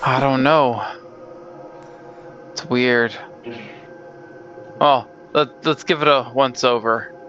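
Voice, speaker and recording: Male player, bright tone, casual and inquisitive. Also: mid-range voice, fairly even intonation, takes it slowly, long pauses, highs cut off, soft background music. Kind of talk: casual tabletop play.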